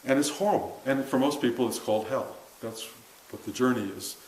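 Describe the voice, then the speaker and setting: A man's voice: medium pitch, brisk, darkish tone. An older man telling a long personal story to a group, self-mocking, acting out what people said in a raised voice. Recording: roomy room with faint hiss.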